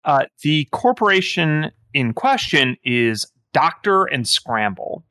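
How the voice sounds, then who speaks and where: A man's voice: a little high, very animated, takes it slowly, bright, forceful tone, no echo. A man running a tabletop game as game master, explaining the world in a rambling way with many fillers.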